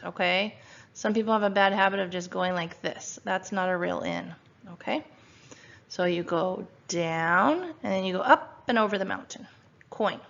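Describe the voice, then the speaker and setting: A woman's voice: medium pitch, vocal fry, a bit bright. Woman, first grade teacher, spelling lesson, sounds out letters patiently, dull lo-fi recording. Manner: sounds out letters slowly and patiently, asks questions. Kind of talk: phonics spelling lesson for young children.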